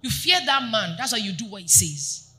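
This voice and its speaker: A woman pastor preaching a sermon to her congregation, animated and often asking them questions. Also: medium pitch, moderate pace, soft background music. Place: church.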